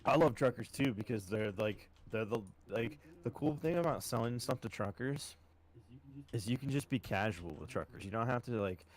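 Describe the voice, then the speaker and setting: A man's voice: medium pitch, lively intonation, moderate pace. A man co-hosting a podcast, chatting casually and telling a profane work story. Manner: swears a lot, storytelling, calls listeners boys. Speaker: podcast co-host. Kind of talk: casual chat.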